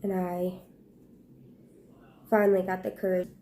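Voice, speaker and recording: A woman vlogger telling a painful personal story in a halting, hushed way, pausing and restarting. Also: on the low side, flat delivery, a little hiss or hum.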